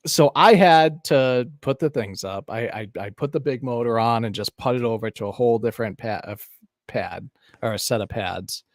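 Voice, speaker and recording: A man co-hosting a podcast, telling a story in casual chat, profane and animated, laughing often. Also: medium pitch, moderate pace, no echo, studio quality. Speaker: podcast co-host. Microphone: podcast mic on a live stream.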